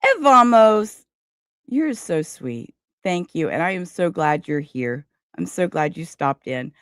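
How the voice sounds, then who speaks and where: A woman's voice: low voice, measured pace, smooth, no room sound, studio quality. A woman hosting a casual true crime live stream, chatting straight to her viewers.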